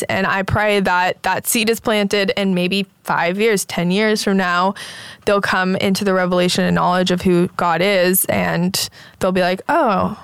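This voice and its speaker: A woman's voice: mid-range voice, clean tone, no room sound. A woman in her twenties, a guest and content creator, chatting casually about faith with lots of "like" fillers. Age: 20s. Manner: animated, fillers like "like", laughs often.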